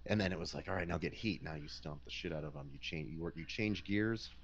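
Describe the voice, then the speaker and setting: Podcast guest, man, very low voice, animated storyteller, lo-fi sound with faint noise. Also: a little fast. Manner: animated, swearing, acts out quotes. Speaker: podcast guest, former pro wrestler. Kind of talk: casual storytelling.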